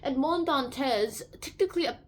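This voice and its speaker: Chatty woman summarizing a book. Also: high voice. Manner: chatty, storytelling with quick voice impressions. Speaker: video host.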